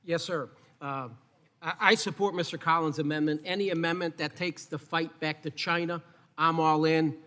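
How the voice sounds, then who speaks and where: A man's voice: fairly high pitch, fairly even intonation, moderate pace, bright, forceful tone. A man from Texas giving short, blunt, enthusiastic remarks at a committee markup. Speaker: committee member. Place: large hearing room. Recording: distant mic, long hall reverb.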